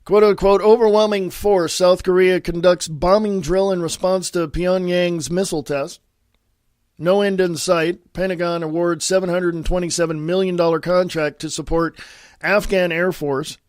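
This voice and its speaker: A man with a high-sitting voice hosts a solo political podcast, reading news headlines aloud with sarcastic asides, repeating himself, and often coughing and clearing his throat. His tone is steady and darkish at a moderate pace, in a dry, studio-quality recording.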